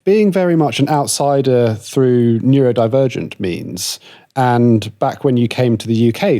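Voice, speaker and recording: A man hosting a podcast, asking a thoughtful, measured interview question. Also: medium pitch, mellow. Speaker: podcast host.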